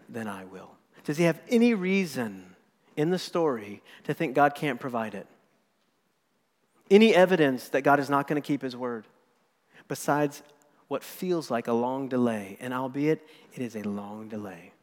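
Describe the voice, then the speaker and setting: A man, a pastor in his thirties, preaching a sermon with earnest emphasis that swings between loud points and soft near-whispers. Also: medium pitch, animated, moderate pace, pauses often. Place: church sanctuary. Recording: long hall reverb.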